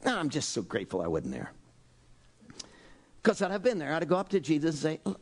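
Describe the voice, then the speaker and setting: A man preaching a sermon as pastor, animated and exclaiming, swinging between loud outbursts and soft asides. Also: on the high side, a little fast, pauses often.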